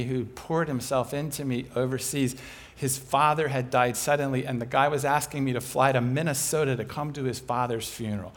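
A man preaching a sermon, telling a personal story with lively, chuckling animation. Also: medium pitch.

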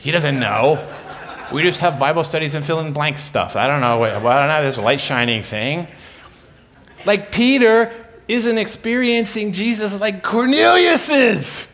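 A man preaching a sermon, telling a story with lively acted-out voices that swing from hushed to loud. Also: on the high side, unhurried, slight background noise. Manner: animated, acts out voices in his stories, swings from hushed to loud.

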